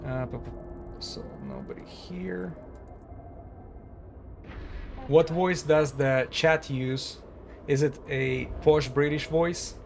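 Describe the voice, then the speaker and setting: A man casually talking while he streams a game, halting and chatty, with many fillers and restarts. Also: a little high, fairly even intonation, vocal fry, darkish tone, faint music behind. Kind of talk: casual live-stream commentary.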